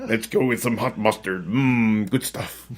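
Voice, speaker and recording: A man's voice: medium pitch, slow. A man co-hosting a casual podcast, rambling through his thoughts, joking crudely and laughing often. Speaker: co-host.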